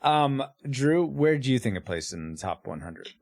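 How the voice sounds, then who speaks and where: Male podcast host, playful, laughs a lot, very lively intonation. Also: medium pitch, moderate pace, gravelly. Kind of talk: casual chat.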